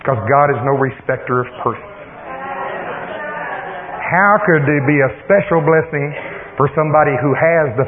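A man preaching a sermon, emphatic and folksy, mixing teaching with storytelling. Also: mid-range voice. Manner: emphatic, folksy and plain-spoken. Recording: tinny lo-fi tape in echoey hall.

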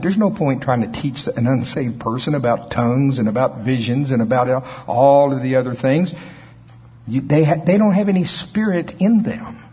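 A man preaching a sermon in a folksy, animated way, acting out scripture scenes in different voices. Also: medium pitch, breathy edge. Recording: dull lo-fi recording.

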